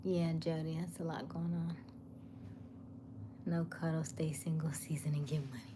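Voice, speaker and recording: A woman's voice: deep voice, flat delivery, moderate pace, noisy background. A woman hosting a casual live chat, reading viewer comments, laughing often and dropping into whispers. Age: middle-aged. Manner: chatty, laughing, drops to whispers. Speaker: livestream host.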